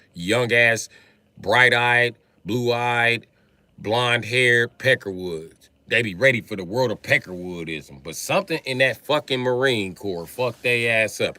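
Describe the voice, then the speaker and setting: A man's voice: fairly low pitch, pushed and bright. A man ranting casually on a livestream, with profane, slangy, streetwise storytelling.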